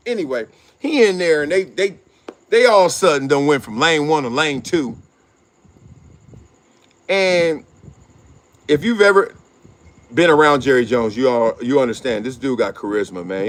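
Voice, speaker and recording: A middle-aged man hosting his own show, riffing in slangy casual commentary, laughing often and acting out quotes. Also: on the high side. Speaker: show host.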